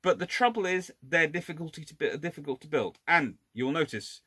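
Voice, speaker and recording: A man's voice: fairly high pitch, expressive, brisk, sharp tone, slightly rough, dry recording. A man, a naval historian, giving an informal illustrated lecture with wry, exasperated asides and frequent self-corrections.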